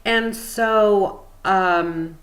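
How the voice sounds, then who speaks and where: A woman's voice: medium pitch, very slow, a bit bright. A woman spiritual coach explaining things in a casual, meandering, chatty way with frequent fillers.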